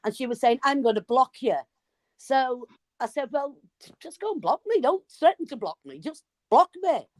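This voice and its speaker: A woman telling a story in casual chat, animated and swearing freely. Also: sits high, moderate pace, no echo. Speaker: live stream guest.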